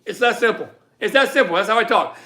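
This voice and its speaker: A man hosting a live stream, chatting loudly and casually with viewers and answering their questions. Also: high-pitched, fast talker. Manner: loud, animated, chatty. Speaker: livestream host and reseller.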